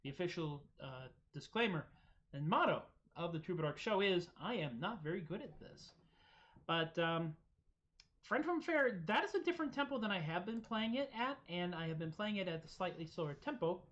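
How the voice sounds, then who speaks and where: A man's voice: high-pitched, lively intonation, moderate pace. A man hosting a live-streamed music show, chatting casually and self-deprecatingly between songs, rambling loosely. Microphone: streaming setup microphone. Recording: dull lo-fi stream audio with loud guitar. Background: acoustic guitar playing.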